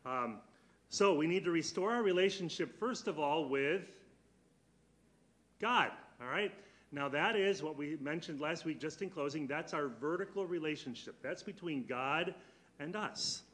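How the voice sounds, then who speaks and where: A man teaching a church Bible class, earnest, putting questions to his students and slowing down on key words. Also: a little high, expressive, a bit bright.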